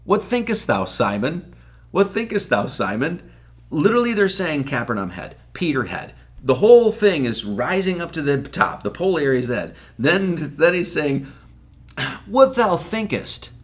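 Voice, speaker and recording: Animated man giving a casual sermon. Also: on the high side, moderate pace. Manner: conversational, acts out quoted lines, swears casually. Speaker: preacher. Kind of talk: casual Bible-study sermon.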